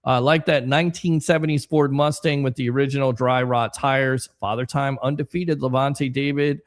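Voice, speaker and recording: A man's voice: mid-range voice, fairly even intonation, moderate pace. A man hosting a casual sports livestream, chatting and reading viewer comments aloud with rambling asides. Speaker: sports podcast host.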